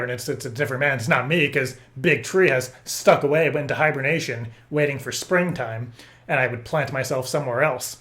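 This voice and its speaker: A man making a prank phone call, rambling and stammering through deadpan absurd stories. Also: mid-range voice, a little fast. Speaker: prank caller.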